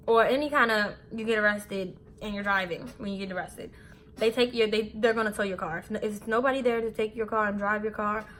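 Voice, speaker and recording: A young woman in her twenties telling a candid, animated story about her own mistake while getting ready, swearing casually. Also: medium pitch, a little hiss or hum. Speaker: beauty vlogger.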